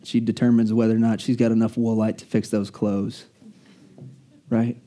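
Dark-voiced, earnest male preacher. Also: on the low side, little pitch movement. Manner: earnest, storytelling, slows down for emphasis. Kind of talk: sermon.

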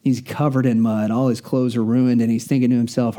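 A male preacher delivering a sermon in an earnest, storytelling style. His voice is very dark and mellow, and he drags out important phrases for weight. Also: mid-range voice, flat delivery. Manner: earnest, storytelling, slows down for emphasis.

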